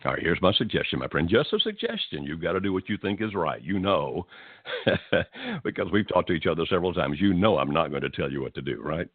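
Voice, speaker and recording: A man hosting a call-in advice show, speaking gently and reassuringly to callers. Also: low voice, very animated, brisk, slightly rough, no room sound, phone-quality sound. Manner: gentle, reassuring, calls people "my friend". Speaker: radio call-in host giving marriage advice. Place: Tennessee.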